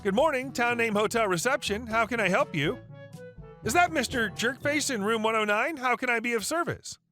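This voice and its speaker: A man's voice: very high voice, normal speed, pushed and bright, faint music behind, pitched above the performer's own voice. A man voicing an overly polite male hotel receptionist with a formal, sugary manner.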